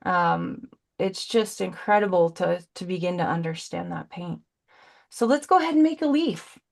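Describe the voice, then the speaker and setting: Woman, forties, painting demonstrator, slightly low pitch, chatty, rambling, pun-loving, video call. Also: moderate pace, gravelly. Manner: chatty and warm, rambling with punny asides. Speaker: brand ambassador demonstrating paints. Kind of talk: live painting demo with casual chat.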